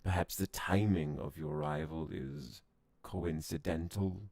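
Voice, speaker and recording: A man voicing a proud, wary alien envoy from a space game, reading its lines in a formal, measured way. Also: sits low, big pitch swings, vocal fry, a little mellow, no room sound, exaggerated voice. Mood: stern. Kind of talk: reading game dialogue aloud.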